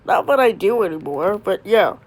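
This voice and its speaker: A woman's voice: medium pitch, animated, moderate pace. Casual woman vlogger greeting viewers. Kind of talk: casual vlog aside.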